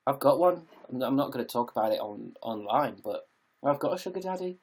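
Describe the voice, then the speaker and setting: Husky, lively British guy chatting. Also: mid-range voice, fairly quick. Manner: chatty, sweary, jokey. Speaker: livestreamer reading viewer comments. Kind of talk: casual live-stream chat. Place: at home.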